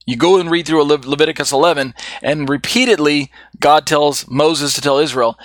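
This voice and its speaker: A man's voice: a little high, normal speed, hardly any pauses, fairly bright tone, dry recording. A man teaching a Bible study in an explanatory way, with frequent fillers and restarts.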